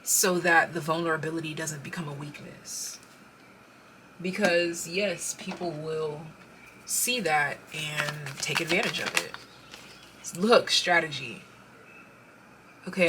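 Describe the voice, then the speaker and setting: A woman giving a casual pick-a-card tarot reading. She speaks straight to the viewer, gets excited, and interrupts herself as she pulls cards. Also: sits low, slow, slight background noise.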